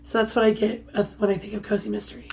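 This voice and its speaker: A woman's voice: medium pitch, little pitch movement, very fast, vocal fry, darkish tone. A young woman co-hosting a casual library podcast, giving short answers that trail off, with frequent giggles. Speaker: podcast co-host. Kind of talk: casual chat.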